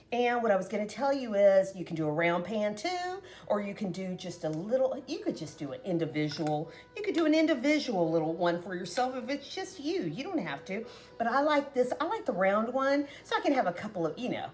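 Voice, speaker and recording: Chatty woman home cook hosting her own vlog, folksy, higher voice that bounces around a lot. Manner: chatty and folksy, talking straight to viewers. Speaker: home cooking vlogger. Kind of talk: casual cooking demonstration.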